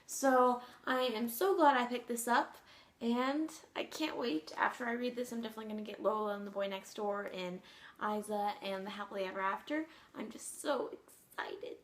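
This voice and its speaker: A woman's voice: on the high side, fairly even intonation, normal speed. A teenage girl chatting casually about her new books, bubbly and gushing, rambling with lots of fillers. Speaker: book vlogger. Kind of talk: casual book haul chat.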